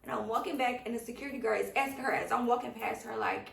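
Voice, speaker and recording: Chatty podcast co-host, gravelly voice, animated storyteller; echoey room, distant mic. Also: female voice, a little high, quick pace. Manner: animated storytelling, acts out quotes. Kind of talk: casual chat, personal story.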